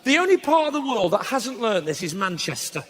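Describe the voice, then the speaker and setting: High, lively stand-up comedian man. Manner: quick banter, mocking asides, bursts of shouting. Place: large comedy venue. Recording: live show with loud audience laughter.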